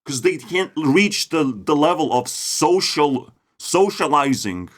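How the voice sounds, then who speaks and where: A young man with a Lithuanian accent, ranting outdoors in a forest, profane and mocking, going from loud outbursts to low mutters. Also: expressive, takes it slowly. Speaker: vlogger. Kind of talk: ranting monologue.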